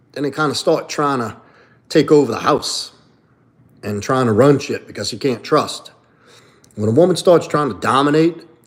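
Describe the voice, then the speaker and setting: Blunt, profane man streaming live. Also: medium pitch. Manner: blunt, profane, reads and answers chat. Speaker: livestream host and coach. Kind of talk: casual livestream chat.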